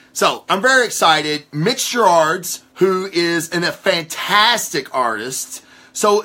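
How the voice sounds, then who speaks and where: A man hosting his own comic book review show, rambling and swearing in casual, animated talk. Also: high voice, slightly rough. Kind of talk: casual ranting show commentary.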